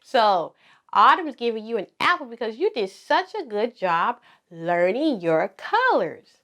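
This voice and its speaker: Slow, lively preschool teacher woman. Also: a little high. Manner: slow, sing-song, encouraging, repeats words for children. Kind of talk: circle-time teaching to toddlers.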